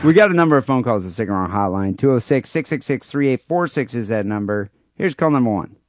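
A man's voice: medium pitch, lively intonation, fast, no echo, soft background music. A man co-hosting a podcast in crude, joking casual chat, often restarting words. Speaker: podcast co-host.

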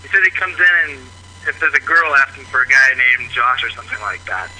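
Man from missouri, caller, rambling voicemail, phone line, husky, sharp tone. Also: medium pitch, expressive, fairly quick. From Missouri, USA. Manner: rambling, filler-heavy. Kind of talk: voicemail story.

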